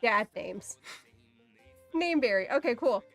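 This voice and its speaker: A woman's voice: on the high side, animated, unhurried, creaky, fairly bright tone, faint music behind. A woman livestreaming in casual, rambling chat, swearing easily and saying "like" a lot.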